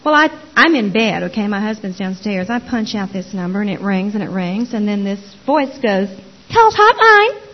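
A woman telling her personal testimony as a former Jehovah's Witness, expressive and dramatizing the story with little voices. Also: medium pitch, normal speed, hardly any pauses. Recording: dull lo-fi recording.

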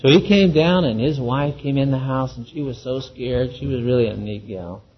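A man's voice: medium pitch, normal speed, slightly rough. A man telling a personal faith testimony in an earnest, folksy way, acting out the voices of the people in his story. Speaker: Christian speaker giving a testimony. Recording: dull lo-fi recording.

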